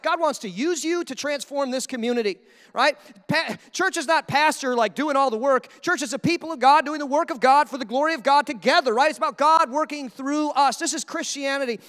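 A male pastor delivers a sermon in a lively, conversational way and keeps checking in with his listeners. His voice sits unusually high and sounds bright and forceful. His words ring with a long echo through the church hall. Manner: energetic, conversational preaching with frequent "right?" asides.

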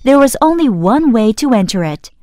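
Clear, expressive woman narrating a fairy tale. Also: on the high side, normal speed, dry recording, clean studio sound. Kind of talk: scripted storybook narration for children.

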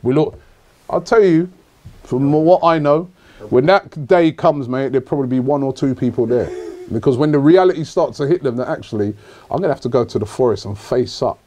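A man hosting a casual football podcast, telling jokey, repetitive, animated stories. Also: medium pitch, a little fast. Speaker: podcast host.

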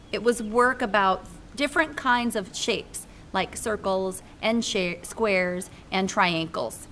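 A woman reading a children's book aloud with expressive, lively storytelling. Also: mid-range voice, a little hiss or hum.

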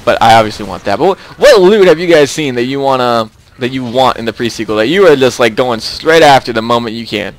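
A man's voice: mid-range voice, animated, a little fast, few pauses. A young man hosting a casual game commentary, chatty and rambling, often repeating himself. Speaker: let's play host.

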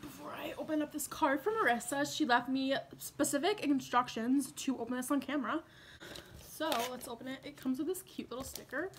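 A woman's voice: sits high, fairly quick, background noise. A young woman talking casually to camera in a vlog, chatty and gushing, swearing now and then. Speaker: vlogger.

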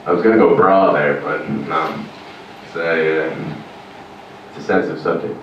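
An Irish man doing stand-up comedy in a rambling, deadpan way, on a comedy club stage. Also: rumbling low, normal speed, lo-fi sound, a little hiss or hum. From Ireland. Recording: echoey club room, mic far off.

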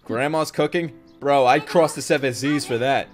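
A man hosting an anime reaction video, talking excitedly in profane, joking asides as he watches. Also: medium pitch, moderate pace, faint music behind. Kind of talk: live reaction commentary. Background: faint anime soundtrack.

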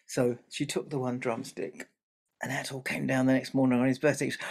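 Male family storyteller, chatty, gravelly. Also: mid-range voice, level tone, a little fast. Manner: chatty, asides to the audience.

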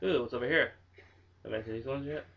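A young man hosts a horror game let's play for his gaming channel, talking fast at medium pitch. He's jumpy and nervous, swearing a lot and laughing nervously. The dull lo-fi home mic adds a little hiss or hum.

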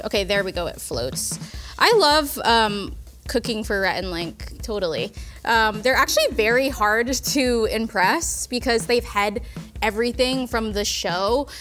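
A woman's voice: fairly high pitch, fairly bright tone. A young woman hosting a casual cooking demonstration in a studio kitchen, chatty, joking and self-deprecating as she works. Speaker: cooking show host.

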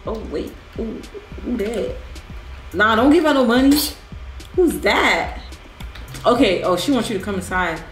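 Speaking at a measured pace with long pauses, a woman whose voice is on the high side provides casual commentary on a gaming channel while playing with someone. Playful and animated, she teases like a coach, and the room is echoey with soft music underneath.

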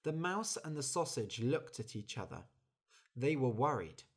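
A storyteller reading a children's story slowly and clearly for English learners. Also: medium pitch. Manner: clear, deliberate, expressive.

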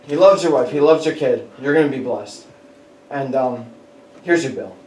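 A man preaching a conversational sermon, telling personal stories in an animated way and chuckling as he goes. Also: medium pitch, normal speed, far from the mic. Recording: echoey hall with faint background noise.

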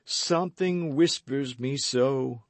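Guy doing a pompous musketeer dude, high swoopy voice, drags his words out slow. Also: no room sound. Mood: melancholy. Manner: grand, declamatory delivery. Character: boastful vain musketeer man, theatrically aggrieved.

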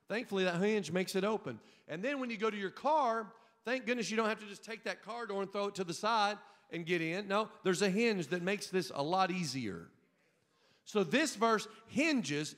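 A man preaching a sermon in a high, swooping voice that leaps up and down as he presses his points. He pulls the congregation into call-and-response and often breaks into shouts. His words ring out with a long reverb in the church hall. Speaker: pastor. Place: church sanctuary.

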